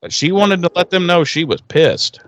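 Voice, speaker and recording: A man's voice: sits high, normal speed, a bit bright. A man co-hosting a podcast, casually recapping an episode and acting out the characters' lines in a raised, swearing voice. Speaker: podcast co-host.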